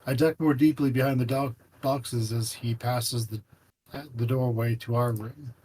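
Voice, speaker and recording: Guy reading a visual novel out loud, mid voice, bit of faint hiss. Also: mid-range voice, measured pace, rough recording. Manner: steady first-person reading, joking asides. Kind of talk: reading game narration aloud.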